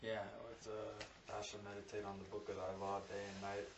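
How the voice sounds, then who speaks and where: A man joining in quietly, hesitant and trailing off. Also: on the low side, monotone, brisk. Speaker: listener. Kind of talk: casual chat. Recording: distant mic, noisy room.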